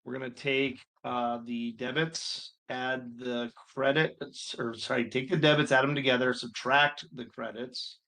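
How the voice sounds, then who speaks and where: A male instructor talks his students through accounting homework in a relaxed, unscripted way. His voice sits at an ordinary pitch with a gravelly fry. He thinks aloud as he works and lets some mild exasperation slip through. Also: a little slow, few pauses. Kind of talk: screen-recorded homework walkthrough.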